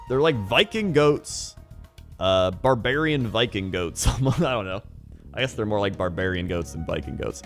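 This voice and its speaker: A man's voice: lowish voice, fairly bright tone. A young man talking casually and enthusiastically on his own, rambling with frequent chuckles and restarts. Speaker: hobby video host. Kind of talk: casual monologue.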